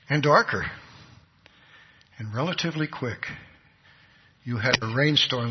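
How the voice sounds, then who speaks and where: Brief: male preacher, slightly high and husky, earnest storyteller, dull lo-fi hall recording. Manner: earnest storytelling, voices the people in his stories. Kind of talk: sermon storytelling.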